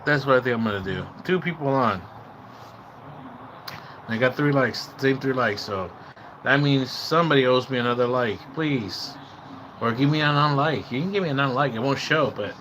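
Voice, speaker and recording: A man hosting a casual livestream, chatting and rambling to his viewers, mixing in Spanish words and breaking into excited whoops. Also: mid-range voice, a little hiss or hum. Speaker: livestream host.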